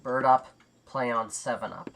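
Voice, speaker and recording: A young man with a high, nasal, nerdy voice giving rambly, jokey let's-play commentary on a game. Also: steady tone, normal speed, gravelly, a bit bright, slight background noise. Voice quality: high nasal nerdy voice, compared to a cartoon sponge. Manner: rambly, jokey, self-deprecating. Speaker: gaming commentator.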